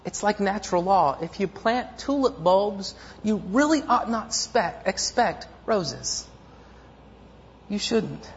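A man's voice: high-pitched, animated, slow pace, slight background noise. Man preaching in an echoey church. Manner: humorous storytelling, self-mocking asides. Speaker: pastor. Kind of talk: sermon. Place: church sanctuary. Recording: echoey dull lo-fi church recording.

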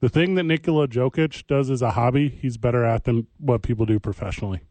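A man co-hosting a sports radio show, bantering casually with sarcastic, quick rants. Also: mid-range voice, darkish tone, dry recording, poor audio.

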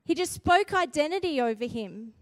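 High-voiced woman preaching a storytelling sermon. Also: moderate pace, no room sound. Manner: animated, emphatic, repeats phrases.

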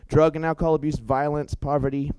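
A young man giving a storytelling sermon in an animated, chatty way, full of fillers and self-corrections. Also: fairly high pitch, a little fast, smooth, no room sound, rough recording. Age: young adult. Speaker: youth preacher.

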